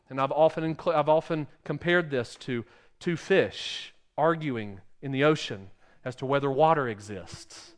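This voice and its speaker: Speaking at a normal speed in a mid-range voice, a man gives a sermon as pastor and poses rhetorical questions to his congregation. His delivery alternates between loud, emphatic moments and hushed ones.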